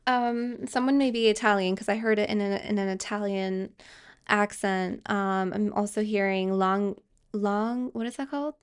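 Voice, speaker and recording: A woman's voice: mid-range voice, fairly even intonation, normal speed, clean tone. A woman giving a tarot card reading, speaking hesitantly with fillers and restarts and reassuring viewers directly. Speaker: tarot reader.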